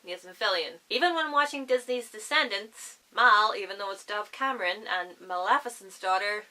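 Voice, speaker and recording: A woman's voice: medium pitch, normal speed, sharp tone, rough recording. A woman with a Northern Irish accent, chatting enthusiastically and rambling to camera about books. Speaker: book vlogger. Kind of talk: casual chat to camera.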